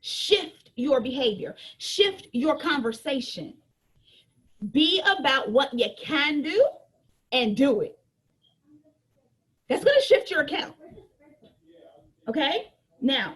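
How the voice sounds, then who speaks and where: A woman's voice: sits high, fairly bright tone. A woman giving an emphatic, joking business training talk, repeating her points and preaching to her team.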